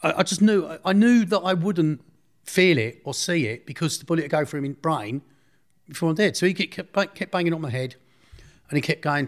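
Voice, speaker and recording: A man's voice: fairly high pitch, brisk. Blunt man telling his story. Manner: blunt, slangy, with frequent restarts. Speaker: interviewee. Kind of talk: recounting a personal story.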